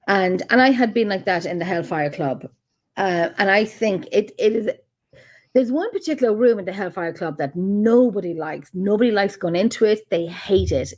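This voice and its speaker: A middle-aged woman with an Irish accent, a paranormal researcher telling stories in a casual interview chat, animated and quick to laugh. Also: mid-range voice. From Ireland. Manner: animated storyteller, laughs often, acts out quotes.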